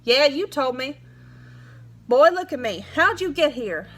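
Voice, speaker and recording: Storybook read-aloud: a woman voicing a gruff, accusing male sheriff, high-pitched. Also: lively intonation, unhurried, fairly bright tone. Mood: pressing. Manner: blunt, accusing, pushy questions. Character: gruff suspicious male small-town sheriff.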